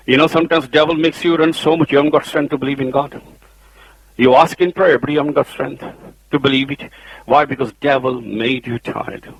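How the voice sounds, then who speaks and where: A man with a Punjabi accent preaching a sermon and reading from the Bible. He stresses his points hard, asks rhetorical questions and answers them himself, and goes loud for scripture and soft for counsel. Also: mid-range voice, vocal fry, breathy edge, no room sound, poor audio.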